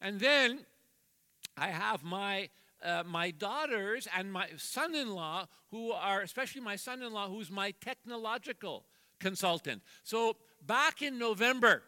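An older man in his sixties delivers a sermon with a high, very bright voice. He is jovial and self-deprecating, acting out family stories in playful voices. A long reverb trails his words through the church. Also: animated, measured pace. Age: 60s. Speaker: guest preacher. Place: church sanctuary.

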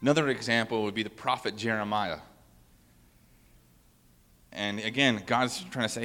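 A man's voice: lowish voice, steady tone, brisk, long pauses, pushed and bright, in a large hall. A man preaching a casual sermon as pastor, talking conversationally with restarts and fillers.

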